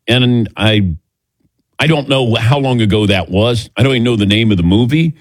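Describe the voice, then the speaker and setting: A man's voice: medium pitch, normal speed, no echo. A man hosting a morning sports talk show, joking with his crew and reading sponsor plugs in a casual studio chat. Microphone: studio mic.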